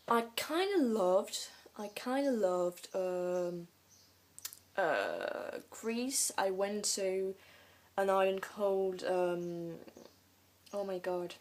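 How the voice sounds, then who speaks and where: A woman's voice: medium pitch, darkish tone. A young woman whose first language is French, chatting through a casual Q&A vlog in English, hesitant and rambling with many fillers. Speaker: vlogger.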